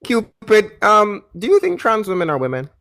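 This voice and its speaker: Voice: mid-range voice, wildly swooping pitch, moderate pace, a bit bright. A live-stream debate host who talks bluntly, mocks guests and interrupts often, on a close mic. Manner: blunt, mocking, interrupts a lot. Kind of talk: casual live-stream chat.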